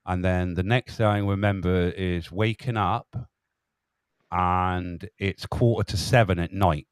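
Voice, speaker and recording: A man telling a story in casual chat, animated and laughing as he talks, swearing freely. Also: low voice, measured pace, clear, resonant tone, no room sound, studio quality. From England. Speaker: protester chatting.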